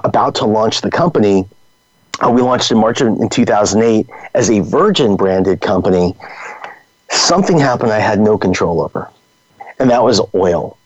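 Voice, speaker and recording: Animated male storyteller, dry lo-fi sound. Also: lowish voice, no room sound. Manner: animated anecdotal storytelling, acts out quoted dialogue. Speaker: guest entrepreneur and speaker. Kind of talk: storytelling in a podcast interview.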